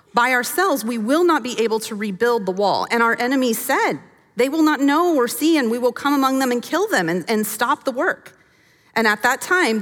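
A woman teaching from scripture in a sermon, her voice bright and on the high side. She delivers it with animated, rising and falling inflection and gives the characters voices of their own. A long reverberant tail from the hall follows her words. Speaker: Bible teacher.

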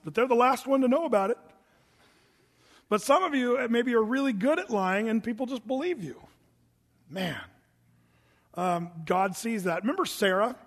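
Man, pastor, sermon, high voice, long reverb of a church sanctuary, chatty and emphatic. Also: lively intonation, normal speed, pauses often. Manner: conversational, rhetorical questions, emphatic.

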